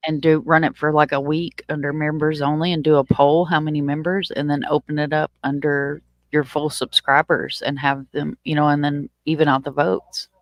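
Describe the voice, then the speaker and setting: A woman's voice: deep voice, level tone, normal speed, hardly any pauses, dry recording. A woman joining a casual live stream chat, upbeat and chatty, with lots of "like" in her talk.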